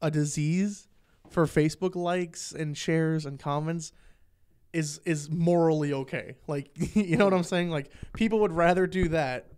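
A man's voice: a little high, steady tone, measured pace, darkish tone, clear, resonant tone. A man co-hosting a casual podcast, rambling and profane, often breaking into laughter. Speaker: co-host.

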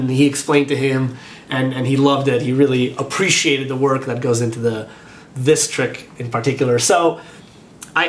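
Guy reacting to his own tv clip, acts out his thoughts, kinda high voice, echoey room. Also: fairly bright tone. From Orlando-based. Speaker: magician commenting on his own TV performance. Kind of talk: casual reaction commentary.

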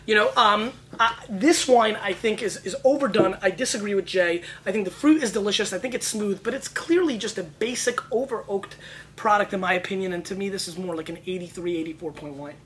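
A man hosting a wine tasting show, talking in excitable, joking, rapid bursts. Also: high voice, slight background noise, rough recording. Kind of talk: casual wine tasting chat.

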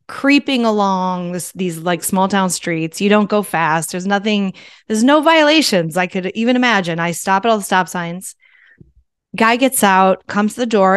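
A woman's voice: mid-range voice, smooth, dry recording, clean studio sound. Candid, profane woman telling a story. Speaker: podcast host. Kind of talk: casual monologue to listeners.

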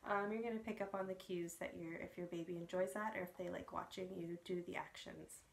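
A young woman leading parents through nursery rhymes and songs for babies, gentle and encouraging. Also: fairly low pitch, steady tone, brisk, creaky. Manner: gentle, encouraging, sing-song. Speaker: early years program facilitator.

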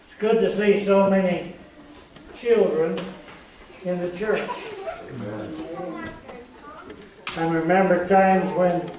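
A man with a Texan accent preaching as a church elder, speaking slowly and with feeling. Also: high voice, lively intonation, a little mellow. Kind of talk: sermon. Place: church sanctuary. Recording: echoey church recorded from far off, faint noise.

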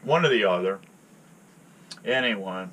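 A man's voice: lowish voice, animated, unhurried, a bit bright. A man hosting his own channel, telling a long joking story to his viewers with a folksy, chatty manner. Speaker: channel host. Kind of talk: rambling storytelling to camera.

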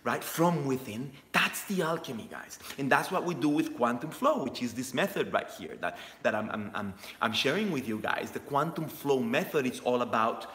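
A man's voice: medium pitch, animated, normal speed, few pauses, a bit bright. A middle-aged man hosting a wellness livestream, talking enthusiastically and often asking "right?". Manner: enthusiastic, repeats himself, asks "right?" often. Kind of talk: motivational livestream talk. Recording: echoey room with long reverb.

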